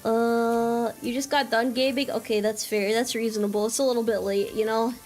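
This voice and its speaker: A woman's voice: fairly high pitch, fairly even intonation, moderate pace, a little mellow, soft background music. A woman streamer giving casual gameplay commentary, playful and teasing.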